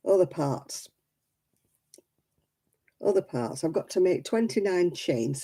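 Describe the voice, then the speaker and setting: A woman's voice: deep voice, vocal fry, warm tone, rough recording. A woman hosting a casual crafting livestream, chatting to viewers by name in a self-deprecating way.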